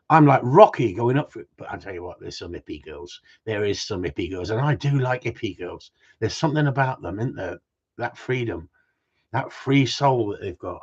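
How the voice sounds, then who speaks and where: A man's voice: fairly low pitch, slightly rough, dull audio. A man who trains gundogs, chatting on a casual livestream in a blunt, ranting way with mild swearing.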